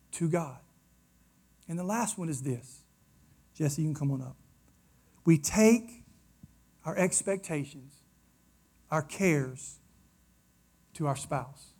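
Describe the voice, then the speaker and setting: A man preaching a sermon to his congregation, swinging between loud declarations and hushed, close asides. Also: high voice, husky. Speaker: pastor.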